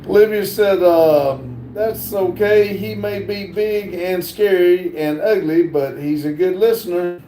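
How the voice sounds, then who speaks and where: A man with a drawl hosts a casual livestream and reads viewer comments aloud, pausing on plenty of fillers. His voice sits fairly high, mellow and unhurried. The room around him is echoey. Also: a little hiss or hum. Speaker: livestream host reading chat. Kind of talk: casual live chat.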